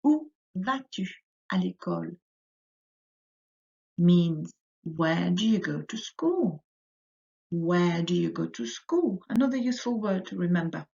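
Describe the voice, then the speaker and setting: A woman teaching a French lesson to young children, saying words slowly for them to repeat, her pitch rising on each French word. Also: gravelly, dark tone. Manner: slow, drilling words for repetition, rising on French words. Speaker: primary school French teacher. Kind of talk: recorded remote lesson for children. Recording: dull lo-fi audio.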